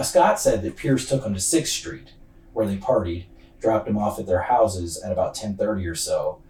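A man's voice: on the low side, warm tone. Casual man telling a true-crime story. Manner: rambling, loose slang, frequent fillers. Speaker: podcast host. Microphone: laptop's built-in mic. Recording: distant roomy computer-mic recording.

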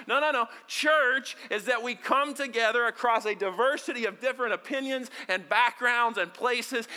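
A male pastor preaching a sermon to his congregation, shifting from hushed near-whispers to loud, emphatic lines and leading the room in call-and-response. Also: sits high, clear, resonant tone. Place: church service before a congregation.

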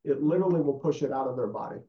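A man, a guest, telling stories in conversation in an emphatic, animated way. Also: medium pitch, racing. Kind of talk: enthusiastic storytelling in conversation. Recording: echoey, dull lo-fi sound.

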